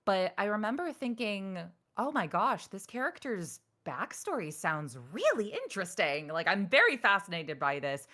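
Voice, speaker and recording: A woman's voice: medium pitch, sing-song, normal speed, hardly any pauses, pushed and bright. A woman voice actress telling stories as an interview guest, acting out her own past reactions with animation. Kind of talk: casual interview storytelling.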